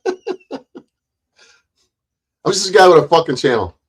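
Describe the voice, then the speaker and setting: A man who runs his own channel, delivering a heated livestream rant in a forceful, mocking and sarcastic way, full of swearing. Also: sits high, huge pitch swings, slow, husky. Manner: loud, forceful delivery that he calls passion. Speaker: YouTube channel owner.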